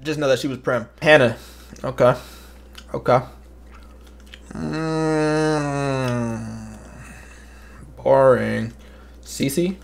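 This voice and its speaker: A man's voice: mid-range voice, very slow, creaky, long pauses. A young man streaming, chatting casually in slang with joking, muttered asides to his chat. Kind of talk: casual livestream commentary.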